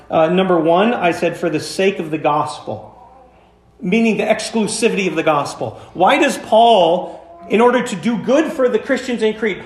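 A man with a high voice preaches to his congregation, pressing his points with emphasis. He keeps turning to the listeners with questions. The sound carries the echo of a large church room. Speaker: pastor. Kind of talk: sermon. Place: church sanctuary.

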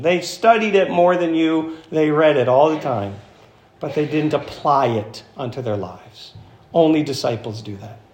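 A man preaching an emphatic sermon as pastor, slowing down to stress key phrases. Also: a little high. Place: church sanctuary. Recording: echoey church hall.

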